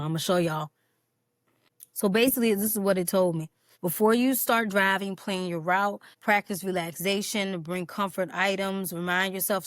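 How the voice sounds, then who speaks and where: Fast-talking, earnest woman podcaster. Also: fairly low pitch, dry recording, clean studio sound. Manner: earnest, speaks straight to listeners as "y'all"; candid, openly emotional. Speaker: podcast host. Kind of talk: personal mental health podcast talk.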